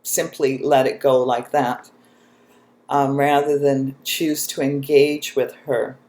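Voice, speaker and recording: Woman host, animated storyteller, laughs easily, recorded in a roomy space. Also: rumbling low, slow. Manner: animated, laughs often, tells stories. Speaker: host, spiritual channel. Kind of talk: casual chat, storytelling.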